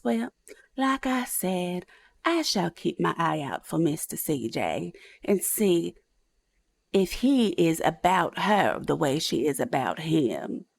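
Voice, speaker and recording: A woman's voice: lowish voice, sing-song, takes it slowly, creaky, no echo, heavily acted. A woman voicing a bold, shameless Old West woman with drawling, old-fashioned speech in a live roleplay stream.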